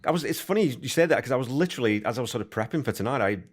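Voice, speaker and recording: A man's voice: mid-range voice, expressive, very fast. A man hosting a podcast interview, enthusiastic and conversational, thinking aloud as he asks questions. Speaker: podcast host. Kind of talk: casual interview chat.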